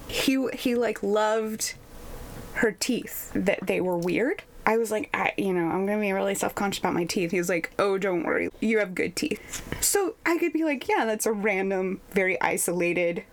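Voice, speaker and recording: A woman's voice: mid-range voice, slight background noise. Chatty young woman telling stories. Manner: chatty storyteller, laughs often, quick asides. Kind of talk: casual chat.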